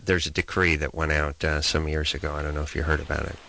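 A man's voice: a bass voice, flat delivery, fast, creaky, sharp tone, slight background noise. A man hosting a radio call-in show, joking and riffing through long absurd scenarios. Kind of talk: comic radio call-in banter.

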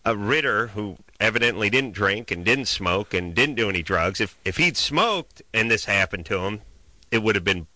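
A male radio call-in host who jokes and spins long absurd scenarios. His voice sits low but has a very bright, cutting tone. The sound is dry and close. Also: expressive, normal speed, no room sound. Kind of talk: comic radio call-in banter.

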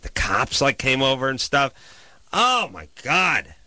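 A man telling a comic story as a profane, exasperated rant that swings into loud shouted bits. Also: medium pitch, huge pitch swings, a little slow, no room sound.

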